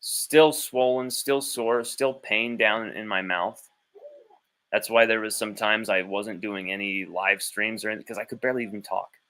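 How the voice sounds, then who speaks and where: A man's voice: on the low side, steady tone, moderate pace, sharp tone. A man hosting a sports livestream from home, talking casually in a rambling, blunt way with easy swearing. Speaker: sports podcast host. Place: at home with his child nearby.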